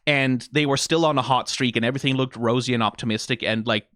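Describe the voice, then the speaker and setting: A man's voice: mid-range voice, quick pace, fairly bright tone, no echo, studio quality. A Danish man with a Danish accent giving a casual, rambling reaction commentary in a wry, self-deprecating way. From Denmark. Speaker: video reaction creator.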